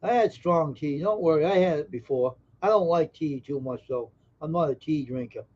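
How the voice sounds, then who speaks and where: A man's voice: a little high, normal speed, darkish tone, lo-fi sound. A man hosting a casual live stream, joking brashly and teasing viewers in chat. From Massachusetts.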